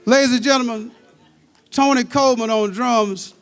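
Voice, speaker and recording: Teasing high-voiced emcee man. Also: steady tone, normal speed, a bit bright. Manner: playful, teasing, repeats himself. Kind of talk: introducing and bantering on stage. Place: university symposium stage.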